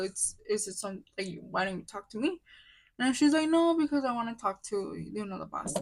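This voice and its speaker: Upset young woman venting a story. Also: on the high side. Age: 20s. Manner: upset, venting, many likes and restarts. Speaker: vlogger. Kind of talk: casual storytime vlog.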